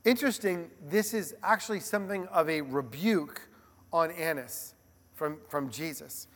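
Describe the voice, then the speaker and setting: Male pastor, high-pitched, lively conversational sermon delivery; recorded with long hall reverb. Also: measured pace. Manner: animated, conversational preaching with asides.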